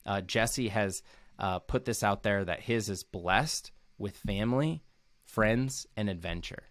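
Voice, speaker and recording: A man's voice: lowish voice, unhurried, fairly bright tone, no echo. A young man giving an earnest, casual recap to camera as a motivational coach, often using "like" as a filler and repeating key phrases.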